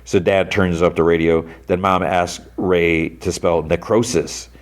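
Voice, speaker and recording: Deep-voiced guy podcast host, rambling recap, lots of likes and you knows. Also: little pitch movement, unhurried. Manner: rambling retelling full of "like" and "you know". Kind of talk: casual episode recap.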